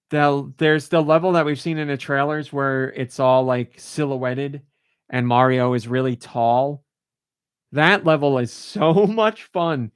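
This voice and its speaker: A man's voice: a little high, smooth, dry recording, studio quality. A man hosting a podcast, chatting casually and gushing with enthusiasm. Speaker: podcast host.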